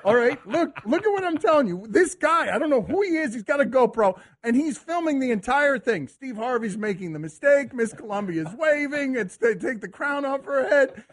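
A man hosting a sports radio show, excitable and mocking, often laughing as he talks. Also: very high voice, moderate pace, hardly any pauses.

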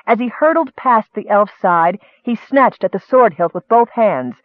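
A man narrating a fantasy story in a steady, measured audiobook reading. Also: sits high, no echo, narrow, tinny audio.

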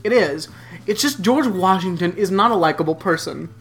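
A man's voice: sits high, animated, moderate pace, a bit bright, faint music behind. Rambling, sarcastic male podcast host. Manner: rambling, sarcastic storytelling, swears freely. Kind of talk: casual chat.

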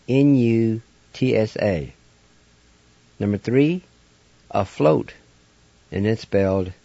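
This radio language lesson features a man with a lowish, mellow voice, a language teacher and host who patiently spells words letter by letter and sounds them out slowly. There is no echo, and the highs are cut off.

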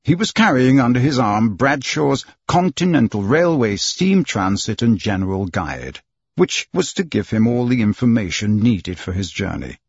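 A man narrating an audiobook with an expressive, storytelling delivery. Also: medium pitch, normal speed, breathy edge, no room sound, lo-fi sound. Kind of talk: scripted narration.

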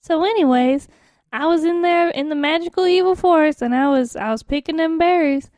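A woman co-hosting an improvised comedy chat, telling a goofy tall tale with drawn-out words. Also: very high-pitched, a little mellow, no echo, clean studio sound. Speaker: co-host.

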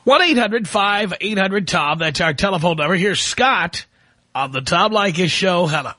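A man's voice: high voice, animated, normal speed, pushed and bright, no room sound. A man hosting a call-in radio talk show, blunt and wisecracking with his callers.

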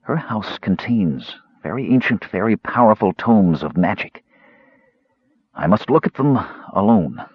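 A man's voice: lowish voice, animated, unhurried, breathy edge, dry recording, highs cut off. A man doing Raistlin, a cold sickly young mage. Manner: cold, clipped, scornful. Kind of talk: audiobook character voice.

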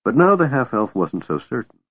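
A man narrating a fantasy novel in a steady, measured way, recorded dry with a narrow phone-like sound. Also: mid-range voice, breathy edge, no room sound. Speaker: audiobook narrator.

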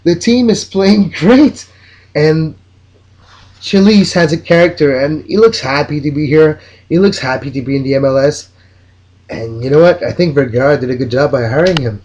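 A man's voice: a little high, moderate pace, a little mellow. A man from Mexico, hosting a solo soccer podcast in an enthusiastic, opinionated, rambling way.

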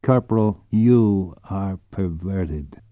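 A man's voice: medium pitch, expressive, moderate pace, no room sound, phone-quality sound, lightly acted. A man voicing a stern, commanding male army colonel. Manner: firm, commanding. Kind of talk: audiobook character voice.

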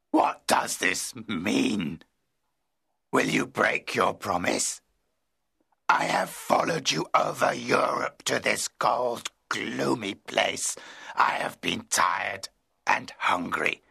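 A man voicing a vengeful, lonely male monster in a storybook reading, speaking slowly and menacingly in a half-whispered voice. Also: lowish voice, animated, pushed and bright, full character voice. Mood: anguished. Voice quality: gravelly, raspy, half-whispered. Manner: slow, menacing, commanding.

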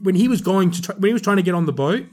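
A man co-hosting a film podcast, talking in an animated, rambling way with strong emphasis. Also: high voice, very fast. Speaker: podcast co-host, film reviewer. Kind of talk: casual chat.

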